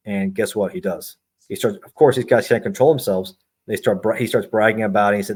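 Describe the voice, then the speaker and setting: A middle-aged man with a fairly low voice rattles through his stories at a quick clip. He is a retired agent speaking as a podcast guest, and he slips into the voices of the people he quotes. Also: steady tone, darkish tone, slightly rough. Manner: brisk storyteller who acts out quoted dialogue. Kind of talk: storytelling in a podcast interview.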